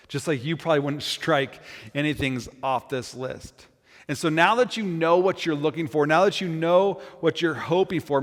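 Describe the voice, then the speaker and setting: High-voiced man preaching in a hall. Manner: earnest, repeats words as he builds a point. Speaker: pastor. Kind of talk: sermon.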